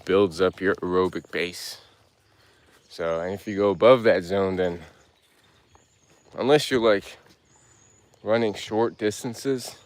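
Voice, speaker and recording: A man's voice: fairly low pitch, no room sound. A man hosting a casual livestream while walking a hilly woodland trail, rambling loosely with lots of filler words and slurring some words. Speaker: livestream host.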